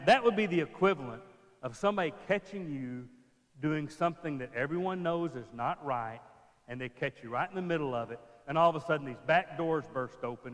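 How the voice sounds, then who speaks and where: Animated preacher echoing through a church. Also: male voice, a little high. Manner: acts out scenes, drops to a hushed voice for emphasis. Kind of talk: sermon. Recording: long church reverb.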